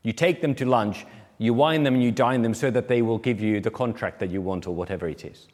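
A man's voice: lowish voice, a little fast, long reverb tail. A man preaching a sermon, explaining a parable and briefly acting out the people he quotes. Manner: explanatory, acts out quoted speakers.

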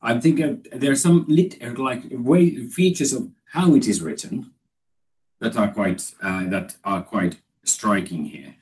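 A man's voice: mid-range voice, a little slow, darkish tone. A man giving a discursive, explanatory Bible study lesson, with the voice recorded from a distance. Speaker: Bible teacher.

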